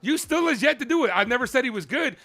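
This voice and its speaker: A man's voice: extremely high pitch, animated, quick pace, sharp tone, faint music behind. A young man streaming live baseball play-by-play, heatedly arguing with viewers in chat and calling the ball-and-strike count between his points. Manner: heated and argumentative, pressing chat for answers; calls balls and strikes between rants.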